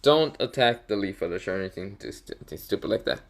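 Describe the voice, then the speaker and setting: A man's voice: on the low side, lively intonation, quick pace. A man voicing a commanding female village leader, bossy and matter-of-fact, in a spoken fan story.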